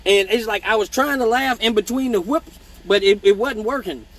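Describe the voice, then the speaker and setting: Animated, profane male storyteller. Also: high voice, moderate pace, poor audio. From Michigan. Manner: profane, animated, mimics voices in stories. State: hiccups. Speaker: live-stream host telling stories. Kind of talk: casual storytelling.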